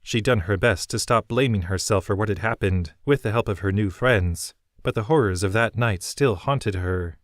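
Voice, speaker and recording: A man narrating a fantasy novel in an even, measured way. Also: fairly low pitch, no room sound, clean studio sound. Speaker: audiobook narrator.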